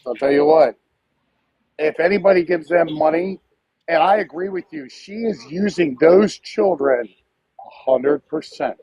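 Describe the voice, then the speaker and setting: A man guesting on a casual livestream speaks emphatically, full of filler "uh" sounds, at a measured pace. His voice is a little high, a crowd can be heard behind him, and the audio is dull, dry, and lo-fi.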